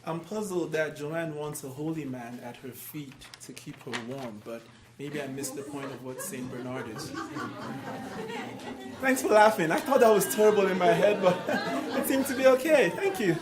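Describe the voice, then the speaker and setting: A man's voice: a little high, lively intonation, normal speed, a crowd in the background, noisy background. Jokey man hosting over audience laughter. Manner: jokey, self-deprecating. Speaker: meeting chair. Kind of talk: hosting a club meeting.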